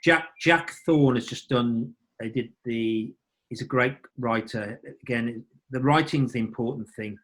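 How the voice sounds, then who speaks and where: A man's voice: mid-range voice, measured pace, a bit bright. A male actor talking as a podcast guest in casual chat, rambling and enthusiastic, often restarting his sentences. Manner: rambling, enthusiastic, self-interrupting.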